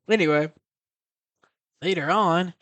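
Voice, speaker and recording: A man with a fairly high voice casually walks through a horror film's plot. He rambles, swears freely and keeps correcting himself, trailing off with shrugs. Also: slow, fairly bright tone, no room sound. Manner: rambling, profane, self-correcting. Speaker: film recapper. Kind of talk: casual film recap.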